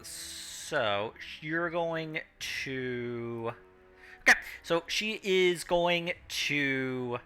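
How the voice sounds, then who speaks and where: A man running a tabletop game as game master, pausing often with ums while he checks the rules. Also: on the high side, animated, pushed and bright, faint music behind.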